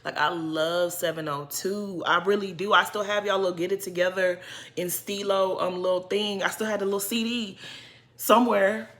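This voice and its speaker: A young woman giving a casual, animated reaction commentary, talking straight to the people she discusses in an exasperated, playful way. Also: medium pitch, moderate pace. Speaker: reality TV commentator.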